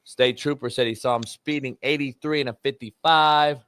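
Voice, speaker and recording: A middle-aged man hosting a casual sports talk show, rambling loosely and swearing freely. His voice is bright and forceful, recorded dry and close. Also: mid-range voice, fairly even intonation, normal speed, clean tone, no echo.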